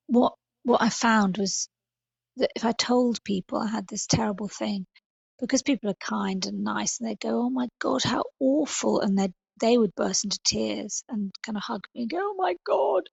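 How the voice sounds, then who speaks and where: A middle-aged woman, a podcast guest, talking in a thoughtful, halting way with many fillers and restarts. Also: mid-range voice, fairly even intonation, creaky, a little mellow, breathy edge, no echo, dull audio. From England. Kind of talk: podcast interview.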